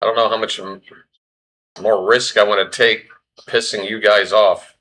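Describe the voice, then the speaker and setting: A man's voice: fairly low pitch, flat delivery, moderate pace, sharp tone. A man hosting a live baseball stream, doing casual play-by-play in a flustered, self-deprecating way and talking to himself.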